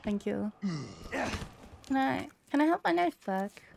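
A woman's voice: high-pitched, lively intonation, measured pace, creaky, a little mellow, slight background noise. A young woman playing a horror game, chatting casually, reading notes aloud and getting easily spooked. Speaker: streamer. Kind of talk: casual let's play commentary.

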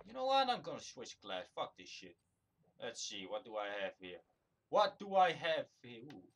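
A man's voice: mid-range voice, huge pitch swings, normal speed. A man giving angry gameplay commentary, swearing constantly and ranting at other players. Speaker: gamer recording his own play.

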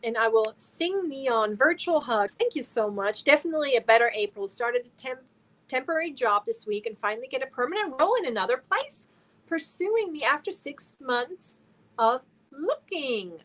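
A woman's voice: sits high, animated, moderate pace, a bit bright, rough recording. A woman from Germany hosting a casual crochet livestream, talking earnestly and emotionally while reading viewer comments aloud. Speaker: crochet channel host.

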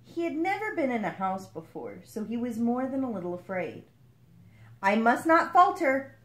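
Expressive woman reading a picture book. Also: fairly high pitch, brisk, roomy sound. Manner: expressive, lively. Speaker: storyteller.

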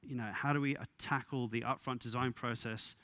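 A man giving a conference talk, wry and exasperated, with quick asides and laughs. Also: medium pitch, steady tone, fairly bright tone, no room sound. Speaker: conference speaker. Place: conference venue.

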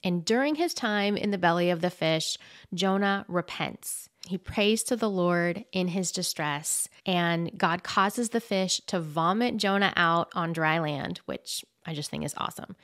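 A woman's voice: lowish voice, a little slow, a bit bright, no room sound, studio quality. A woman hosting a podcast, teaching from the Bible in an earnest, conversational way and reading scripture aloud.

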